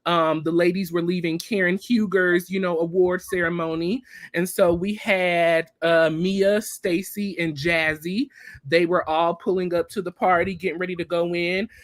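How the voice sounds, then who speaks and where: A woman co-hosting a casual TV recap chat, retelling scenes in a chatty, animated way with lots of filler words. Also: lowish voice, moderate pace, dry recording, studio quality. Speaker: podcast co-host.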